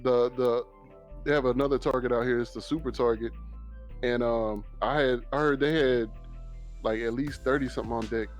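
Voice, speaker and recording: A man's voice: mid-range voice, fairly even intonation, normal speed, faint music behind. A man with a Southern US accent, a podcast guest telling a story in casual chat and acting out what others said. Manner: laid-back storyteller, acts out quotes.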